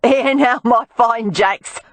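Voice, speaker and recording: A woman voicing a bawdy, cackling Cockney streetwalker who calls out loudly and teasingly. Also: fairly high pitch, slow, no echo, pitched above the performer's own voice. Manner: loud, brassy and teasing.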